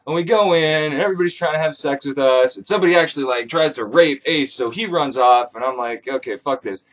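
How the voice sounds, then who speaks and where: Profane, deadpan comic narrator, a man with a slightly high voice. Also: fast talker. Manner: irreverent, profane, deadpan asides. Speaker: comedic myth storyteller. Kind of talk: casual comedic retelling.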